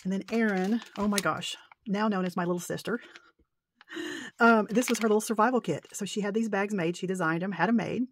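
A middle-aged woman chatting her way through a crafting show-and-tell at a mid-range pitch. She gushes and rambles, tripping over her words when excited, with a faint hiss of noise underneath. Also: brisk. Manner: excitable, gushing, rambling and tongue-tied. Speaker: paper-crafting vlogger. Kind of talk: casual show-and-tell chat.

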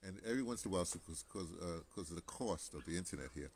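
Deep-voiced American man rambling casually. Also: expressive, very fast, a little hiss or hum. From United States. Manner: chatty, digressive, many restarts and asides. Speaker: vlogger.

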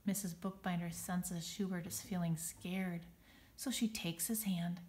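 Expressive woman reading a children's book. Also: lowish voice, normal speed. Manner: expressive, with dramatic sound words. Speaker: storybook reader.

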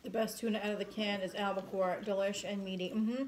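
A woman's voice: medium pitch, flat delivery, fast talker, a little mellow, slight background noise. A woman from New York with a noticeable New York accent, co-hosting a casual food livestream and chatting about food with firm opinions. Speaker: co-host. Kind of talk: casual chat while eating.

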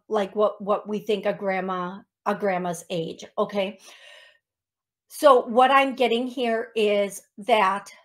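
A woman hosting a radio call-in show as a psychic medium, talking in a chatty way with many restarts and ums. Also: fairly high pitch.

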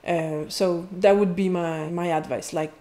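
Relaxed woman guest, French teacher. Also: fairly low pitch, a little slow. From Quebec, Canada. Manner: relaxed, frequent fillers and restarts. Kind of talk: casual interview chat.

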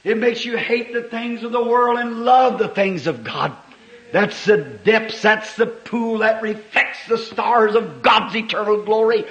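High, bright-voiced man preaching passionately. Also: measured pace, dull audio. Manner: impassioned preaching that swings from hushed to sudden shouts; folksy, homespun phrasing. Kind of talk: sermon. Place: church service with congregation. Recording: echoey old church sermon recording.

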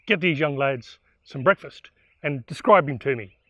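A man putting on a shrewd, feisty young farm woman. She speaks curtly and sharply, in a high, dry voice. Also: lively intonation, moderate pace, a bit bright, no echo, lo-fi sound.

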